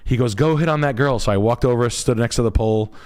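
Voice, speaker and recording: A man's voice: medium pitch, fast, a little mellow, clear, resonant tone. Rambling, cursing male streamer. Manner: rambling, profane, trails off searching for words. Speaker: realtor and stream host. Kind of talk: casual storytelling on a live stream.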